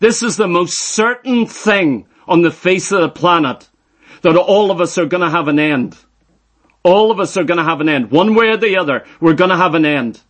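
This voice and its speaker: Middle-aged guy preaching, high voice, keeps repeating lines to hammer them home. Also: animated, moderate pace, fairly bright tone. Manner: emphatic, repeats phrases for stress. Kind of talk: sermon.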